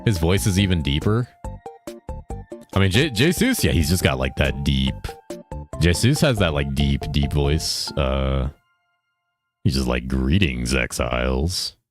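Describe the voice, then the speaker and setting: A man's voice: very deep voice, big pitch swings, a little slow, pauses often, over music. A man in his thirties chatting casually on a game stream, rambling and reacting to chat messages. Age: 30s.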